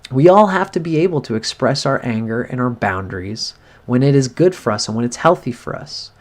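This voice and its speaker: A man's voice: medium pitch, fairly quick. Earnest man giving an astrology reading. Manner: earnest, coaching, animated, demonstrates with a prop. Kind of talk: live-stream cold reading, speaking to a viewer.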